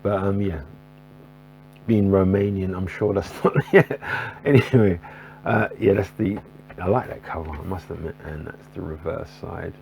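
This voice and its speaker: A man's voice: low voice, normal speed, vocal fry, darkish tone, poor audio. A man talking casually about his jazz record collection in a rambling way, full of fillers and restarts. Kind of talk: casual to-camera talk. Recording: faint electrical buzzing hum.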